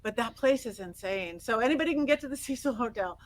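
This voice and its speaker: A middle-aged woman guest on an interview, telling stories in an animated way, acting out quotes and laughing often. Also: a little high, fast talker, poor audio. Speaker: guest psychic medium. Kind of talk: casual interview storytelling.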